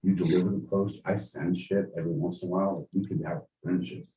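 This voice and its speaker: A man's voice: deep voice, fairly even intonation, quick pace, warm tone. A man co-hosting a podcast in casual comedic chat, rambling, profane and jokey. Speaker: podcast co-host. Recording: roomy, distant mic with faint noise.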